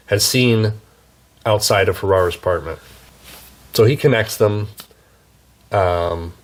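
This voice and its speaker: Low-ish guy doing a chill book review vlog, wry jokes, keeps correcting himself. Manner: wry, chatty, self-correcting. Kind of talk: casual book review talk.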